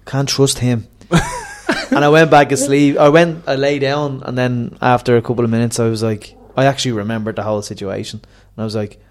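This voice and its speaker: A man's voice: mid-range voice, fairly even intonation, brisk. A young man hosting a podcast, telling a story in casual chat, laughing often, with crude banter.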